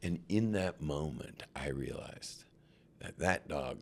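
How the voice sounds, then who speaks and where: A man, a rabbi, telling a story as a podcast guest, acting out shouts and dropping to near whispers. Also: rumbling low, unhurried, creaky, slight background noise.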